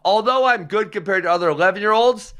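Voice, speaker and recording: A man's voice: high-pitched, quick pace, fairly bright tone. A man co-hosting a casual podcast chat who rants emphatically and gets fired up about his points. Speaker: podcast co-host.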